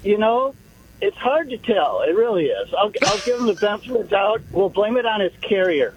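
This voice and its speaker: A man's voice: high-pitched, very animated, fairly quick, slight background noise. A man calling into a radio show, joking and matter-of-fact, heard over a dull, muffled phone line. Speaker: caller. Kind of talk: call-in talk radio.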